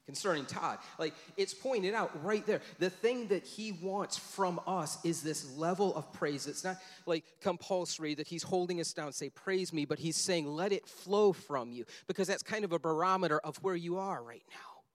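A man with a high voice preaches a sermon, animatedly acting out scenes as he tells them. His voice rings with a long hall reverb, as if recorded in a large sanctuary. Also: moderate pace, hardly any pauses.

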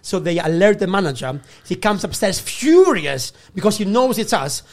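A man with a fairly high voice tells a rowdy anecdote on a comedy podcast. He acts out each person in the story, swears freely and keeps breaking into laughter. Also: big pitch swings, normal speed. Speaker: guest comedian. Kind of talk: casual storytelling.

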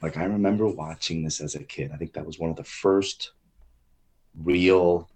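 A man co-hosting a podcast in casual chat, relaxed and rambling with many fillers and restarts. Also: low voice, normal speed, slight background noise. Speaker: podcast co-host.

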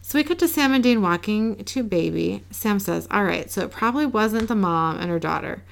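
Female co-host, gravelly, low-key, reads dialogue flat in a casual recap. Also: moderate pace. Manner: reads quoted lines in a flat, low-key way with small laughs. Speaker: podcast co-host recapping an episode.

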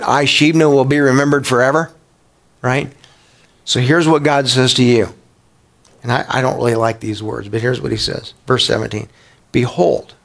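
Male pastor, mid-pitched voice, conversational Bible sermon, lots of questions to the room and restarts. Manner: conversational, asks the congregation questions; repeats words as he restarts.

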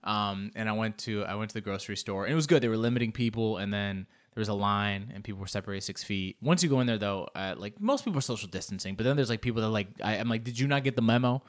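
A young man delivering a profane, animated comic monologue, acting out bits in high put-on voices. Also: quick pace, few pauses. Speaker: comedian. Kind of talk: stand-up style comic monologue.

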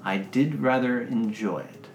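A man voicing an ancient, hunched old male dwarf who speaks formally and in measured tones. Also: medium pitch, animated, roomy sound, faint music behind, low-quality recording. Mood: courtly.

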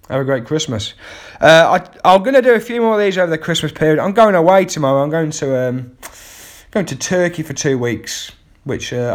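A man, a comedian hosting his own podcast, telling a rambling, self-mocking story with wry asides. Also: fairly high pitch. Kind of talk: casual comic monologue.

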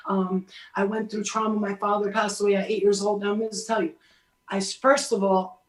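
A woman's voice: medium pitch, level tone, brisk. Blunt, emphatic woman in a roomy space. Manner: blunt, emphatic, swears freely. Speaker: spiritual advice speaker. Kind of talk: casual spiritual talk.

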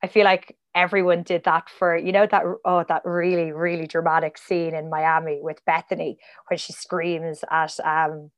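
A woman's voice: on the low side, flat delivery, moderate pace, hardly any pauses, dull audio. A woman guest on a casual podcast, chatty and rambling, full of "like" and side tangents.

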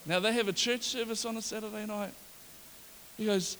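A male pastor preaching a sermon in a lively storytelling manner and acting out the people in the story. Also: very high voice, a little fast, long reverb tail, a little hiss or hum. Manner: animated, storytelling, acts out the characters.

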